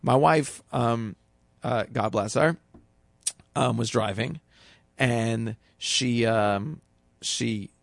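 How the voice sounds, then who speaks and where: Gravelly man telling a casual story. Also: mid-range voice, drawn-out words, pauses often, dry recording. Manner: loose and conversational, full of fillers and restarts, acting out quotes. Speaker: storyteller sharing a life lesson.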